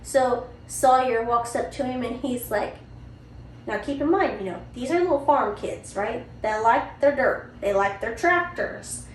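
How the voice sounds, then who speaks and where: A woman podcast host telling a family story in a chatty, animated way, with frequent asides to the listener. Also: on the high side, unhurried, a little hiss or hum. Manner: chatty, animated, lots of "you know" and "right?". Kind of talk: casual storytelling. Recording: roomy, distant mic, faint ambience.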